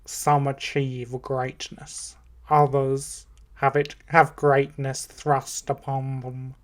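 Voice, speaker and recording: A man doing an impression of a deep-voiced English actor, reciting Shakespeare slowly with long, heavy pauses. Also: monotone, natural voice. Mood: brooding.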